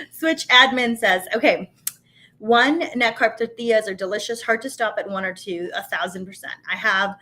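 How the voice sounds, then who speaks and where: A woman in her thirties hosting a live tasting stream, chatting casually with viewers in an animated, filler-heavy way. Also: fairly high pitch, normal speed. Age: 30s. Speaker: host of a tasting show.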